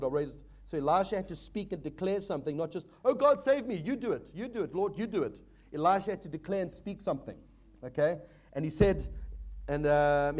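A man preaching a sermon as pastor, earnest and exhorting, often addressing the congregation as folks. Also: on the high side.

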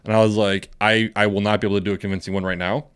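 A man's voice: fairly low pitch, flat delivery, rapid-fire, clean tone. Rambling, laughing young man telling stories. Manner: rambling storyteller, laughs often. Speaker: podcast co-host. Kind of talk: casual chat.

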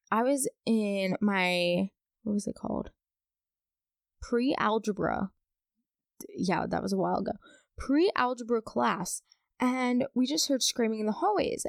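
A young woman hosting a podcast, chatting casually and reading listener stories aloud with expressive, dramatic emphasis. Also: mid-range voice, vocal fry, dry recording, studio quality. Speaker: podcast host.

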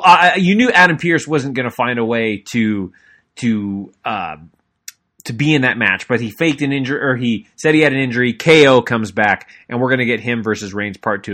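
A man's voice: mid-range voice, sharp tone. A young adult man co-hosting a podcast, giving an enthusiastic, rambling wrestling recap with lots of fillers and restarts. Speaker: podcast co-host. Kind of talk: casual wrestling recap monologue.

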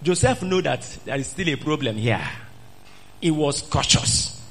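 A man's voice: a little high, lively intonation, a little slow, husky. A man preaching an emphatic sermon, repeating phrases and questioning the congregation. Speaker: pastor.

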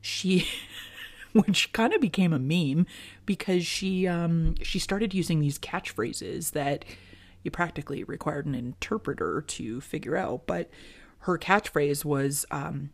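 A woman's voice: deep voice, expressive, measured pace. A woman hosting a podcast, chatting casually and telling gossipy stories about the week's headlines. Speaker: podcast host. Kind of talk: casual chat.

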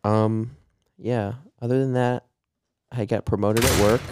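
In a very noisy recording, a young podcast co-host with a medium-pitched, steady voice chats casually at a measured pace. He rambles, leans heavily on filler words, and laughs often.

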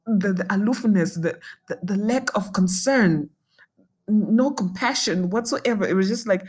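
A woman's voice: medium pitch, moderate pace, a little mellow, breathy edge. A young woman with a Zimbabwean accent, telling a personal ordeal in an intense, indignant way and switching between English and Shona. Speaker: podcaster recounting a personal ordeal. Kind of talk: emotional personal storytelling.

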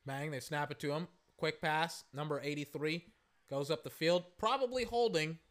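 Guy rambling thru a game watch-along, fairly high voice, gets worked up calling plays. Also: normal speed. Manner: rambling, excitable, calls plays with "bang". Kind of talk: casual live reaction commentary.

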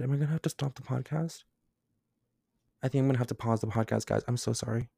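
A man's voice: mid-range voice, quick pace, creaky, pauses often, warm tone, breathy edge, dry recording, clean studio sound. A young man hosting a casual solo podcast from his bedroom late at night, rambling and jumpy with lots of fillers, scared and tired. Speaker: podcast host. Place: bedroom at home.

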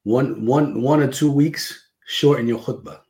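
A man from New Jersey, a guest imam, chatting casually on a podcast and telling animated stories, often asking "you know what I mean". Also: medium pitch, measured pace, creaky.

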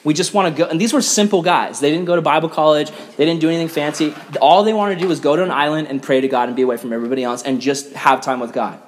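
A young man preaches to a youth group in a loose, chatty way, full of "like" and lively storytelling. His voice sits a bit high for a man. The sound carries the long echo of a big hall. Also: fast, few pauses. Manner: animated storytelling, many filler "like"s. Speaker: youth pastor. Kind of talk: casual youth sermon. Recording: reverberant hall.

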